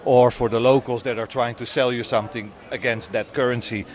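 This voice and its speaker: A man answering interview questions outdoors at an event, halting often and repeating words as he talks. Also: medium pitch, fairly even intonation. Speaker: guest.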